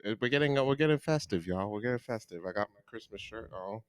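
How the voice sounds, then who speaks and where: A man's voice: on the low side, expressive, quick pace, smooth, dry recording. A young man co-hosting a casual podcast from home, joking around and teasing his friend. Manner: playful, slips into a hyped radio DJ voice. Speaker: podcast co-host. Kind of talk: casual chat. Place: home living room.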